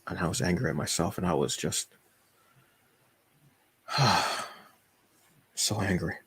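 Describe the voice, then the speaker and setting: A man hosting his own podcast, telling a personal story in a halting, emotional way with many fillers and restarts. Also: low-pitched, husky, no echo. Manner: emotional, confessional. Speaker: podcast host.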